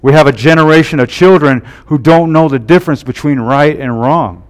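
A man's voice: a little high, fairly quick. A male pastor preaching a sermon who keeps tagging his points with "right?" and "amen?". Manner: tags lines with "right?" and "amen?".

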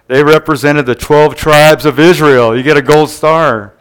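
Conversational preacher with a smooth voice. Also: male voice, a little high, steady tone, a little slow, a bit bright. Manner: conversational, keeps asking the room "Amen?". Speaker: pastor. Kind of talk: sermon. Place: church service before a congregation.

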